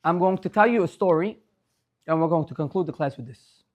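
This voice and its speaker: A man's voice: on the high side, lively intonation, brisk, darkish tone. A male rabbi giving a religious class, earnest and emphatic, stretching words for stress.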